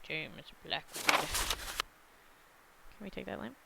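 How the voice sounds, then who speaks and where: A woman's voice: medium pitch, lively intonation, slow pace, creaky. A woman casually commenting on a game she plays, rambling and making fun of herself. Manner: rambling, self-mocking. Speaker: game streamer. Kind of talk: casual let's-play commentary. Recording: loud hiss.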